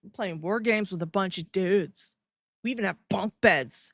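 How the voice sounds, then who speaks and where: A woman's voice: mid-range voice, normal speed, a bit bright, dry recording, pitched below the performer's own voice. Woman doing a smug nerdy man.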